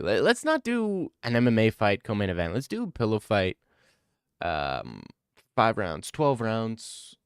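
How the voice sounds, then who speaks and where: A man's voice: fairly low pitch, huge pitch swings, unhurried, clean tone, no room sound, studio quality. A young man streaming, chatting casually, joking, laughing and swearing freely.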